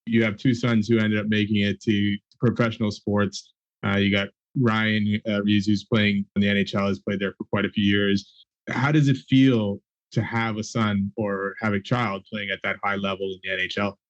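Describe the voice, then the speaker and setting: Male co-host, low voice, steady conversational questioning. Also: moderate pace, dull audio. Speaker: podcast co-host. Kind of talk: casual interview questions.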